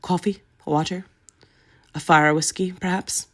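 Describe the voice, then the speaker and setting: A woman voicing a composed young man with a posh English accent who speaks in a level, polite, crisp way. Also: on the low side, fairly even intonation, unhurried, a bit bright.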